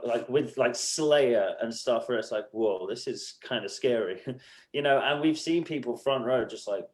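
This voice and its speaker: A man from the United Arab Emirates talks casually as a podcast guest. He is an animated storyteller who acts out other people's lines and swears freely. His voice sits in a middle pitch. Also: unhurried. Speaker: musician guest.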